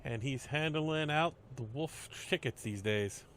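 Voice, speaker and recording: A man's voice: mid-range voice, measured pace, a bit bright, lightly acted. A man voicing a wry, streetwise male gatekeeper of a compound, with a slangy, sardonic manner.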